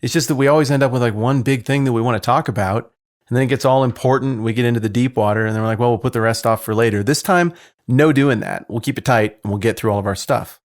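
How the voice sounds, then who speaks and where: A man co-hosting a podcast in casual chat, answering with teasing jokes and quick questions. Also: mid-range voice, dry recording, clean studio sound. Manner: joking, teasing quips. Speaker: podcast co-host.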